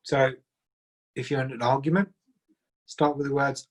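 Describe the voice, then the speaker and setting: A man speaks at a relationship seminar with a slightly husky voice. He is earnest and emphatic and sets out his advice in short, listed phrases. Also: medium pitch, measured pace, long pauses, rough recording. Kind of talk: seminar talk.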